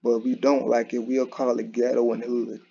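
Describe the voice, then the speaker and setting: Speaking at a normal speed, the man's mid-range voice barely shifts in pitch and sounds gravelly and warm with a breathy edge. He hosts a commentary channel, chatting casually by himself with frequent restarts and plenty of "you know." The recording is lo-fi and dull.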